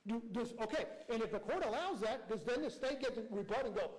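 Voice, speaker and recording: A man's voice: very high voice, lively intonation, quick pace, low-quality recording. A man arguing as prosecutor before a judge, reading out quotes and pressing rhetorical questions. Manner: reads quotes aloud. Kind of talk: courtroom argument.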